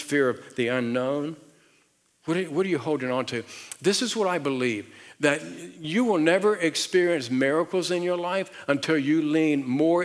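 A middle-aged man with a Southern American accent preaching a sermon as pastor, telling stories and asking the audience questions. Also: a little high. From Southern United States. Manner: animated storytelling with rhetorical questions and audience call-and-response. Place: large church auditorium on stage. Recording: long hall reverb.

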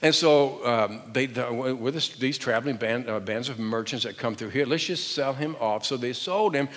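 Animated storytelling preacher in a hall. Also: male voice, mid-range voice, moderate pace. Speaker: pastor. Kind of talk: sermon.

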